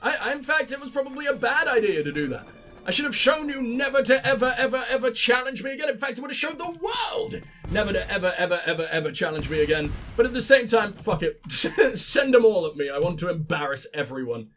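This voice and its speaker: High, animated, sarcastic gaming host. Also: male voice, fast talker, soft background music. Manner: sarcastic, sweary, excitable. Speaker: let's play host. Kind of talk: gameplay commentary.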